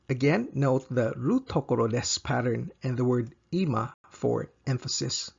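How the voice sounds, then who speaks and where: A man's voice: mid-range voice, animated, normal speed, gravelly, hardly any pauses, darkish tone, breathy edge, dull audio. A man teaching a slide-based language lesson, explaining patterns step by step and repeating example sentences.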